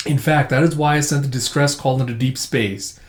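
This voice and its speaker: A man's voice: mid-range voice, steady tone, fairly quick, lightly acted. A man voicing a polite male robot companion who speaks formally and literally, in a roomy recording. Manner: formal, stiff, overly literal. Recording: roomy echo.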